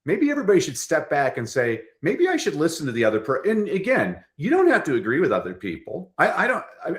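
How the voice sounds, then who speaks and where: A man's voice: a little high, fast. A middle-aged man, a storytelling coach, talking as a guest on a podcast and acting out quoted lines in different voices. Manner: animated, acts out quotes in voices. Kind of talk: lively podcast conversation.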